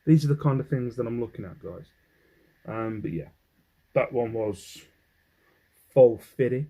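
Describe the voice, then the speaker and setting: A man's voice: mid-range voice, lively intonation, unhurried, mellow, poor audio. An English man in a casual haul vlog, rambling as he goes through his finds and humming to himself between items. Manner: rambling, hums while sorting items. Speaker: clothing reseller.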